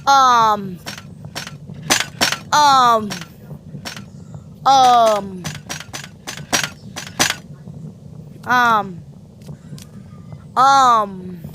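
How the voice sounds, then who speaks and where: Woman doing a slangy house cat, high voice, bouncy pitch, playful and teasing, comic pet voice-over, noisy home video.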